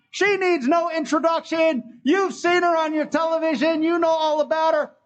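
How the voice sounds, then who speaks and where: Very high-voiced rally emcee shouting introductions. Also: muffled recording. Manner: loud, brisk introductions, shouting to a crowd. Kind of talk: announcing speakers at a rally. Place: outdoor rally.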